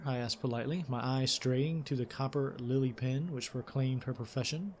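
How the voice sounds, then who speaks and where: A man's voice: medium pitch, brisk, hardly any pauses, slight background noise. A man hosting a let's play, reading game text aloud and commenting casually, with fillers and self-corrections.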